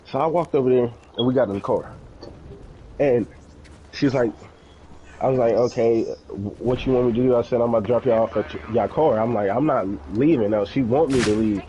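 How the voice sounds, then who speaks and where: Young male streamer, casual storyteller, profane and animated, acting out the other voices, faint background noise. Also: medium pitch, fairly quick, lo-fi sound. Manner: animated, profane, acts out quoted dialogue.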